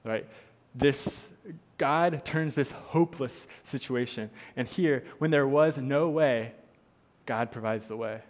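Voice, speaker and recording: A man's voice: medium pitch, slow pace. Earnest preacher man, hall reverb. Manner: earnest, repeats points for emphasis. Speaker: pastor. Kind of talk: sermon.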